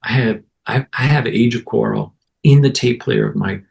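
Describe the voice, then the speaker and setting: A man, a guest musician, casually telling an animated anecdote and acting out other people's lines. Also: mid-range voice, normal speed, gravelly. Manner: animated anecdote with acted-out quotes. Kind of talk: casual storytelling.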